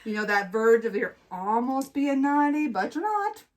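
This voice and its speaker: A woman's voice: a little high, moderate pace. Storytelling woman co-host. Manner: animated storyteller, acts out voices. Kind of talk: casual storytelling chat.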